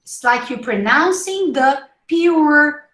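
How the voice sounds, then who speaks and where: A woman's voice: high voice, animated, slow pace, a bit bright. A woman teaching English pronunciation in a live class, saying each word several times and coaching her students. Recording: echoey room.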